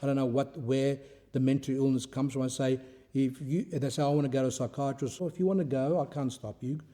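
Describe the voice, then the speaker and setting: A man's voice: medium pitch, fairly even intonation, quick pace, warm tone. A man who is an Orthodox priest, giving an informal spiritual talk in a conversational, storytelling way, with rhetorical questions and phrases he often repeats.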